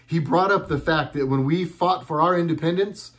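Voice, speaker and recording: Man, middle-aged, slightly high voice, casual vlog monologue, earnest, rambling, halting restarts. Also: a bit bright. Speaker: video blogger. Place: at home.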